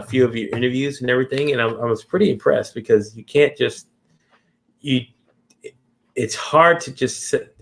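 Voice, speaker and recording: A man's voice: mid-range voice, gravelly, fairly bright tone. Rambling male interview host. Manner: rambling, many restarts and fillers. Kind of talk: casual interview chat.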